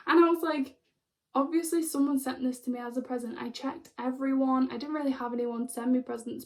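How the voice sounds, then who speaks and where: A young woman tells a personal story to camera in a chatty, excitable way, full of fillers. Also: a little high. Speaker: spiritual vlogger.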